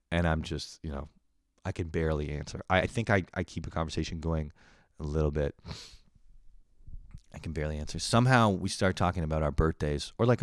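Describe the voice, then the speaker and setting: A man's voice: low-pitched, dry recording, studio quality. A man hosting a podcast, telling a casual comedic story with lots of swearing and acting out his own panicked inner voice. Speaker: podcast host.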